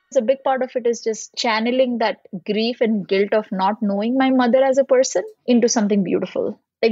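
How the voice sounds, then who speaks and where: A woman, a podcast guest, telling a deeply personal story in an earnest, reflective way. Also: breathy edge, no room sound. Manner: reflective, earnest, voice wavering with emotion. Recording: dull lo-fi sound with soft music.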